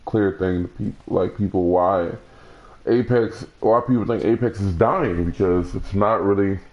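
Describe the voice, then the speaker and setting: Young male gaming streamer, low voice, loose rambling delivery, muffled lo-fi stream sound. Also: a little slow, a little mellow. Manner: rambling, many restarts and fillers. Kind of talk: casual gaming commentary.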